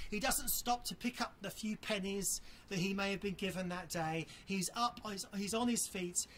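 Earnest preacher with slow emphatic refrains. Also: medium pitch, a little hiss or hum. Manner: earnest, emphatic, repeats key phrases slowly for weight; appeals directly to listeners. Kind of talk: sermon.

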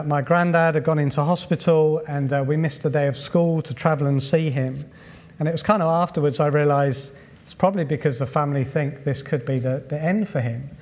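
A middle-aged man preaching a sermon as pastor, relaxed and conversational, with many fillers and repeats. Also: on the high side, dull audio. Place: church hall. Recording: long reverb from a large hall.

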